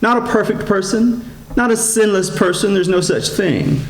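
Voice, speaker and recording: A man, a priest giving a sermon in a gentle storytelling manner, slowing down and rising in pitch for emphasis. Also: very animated. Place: church. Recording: echoey church sanctuary.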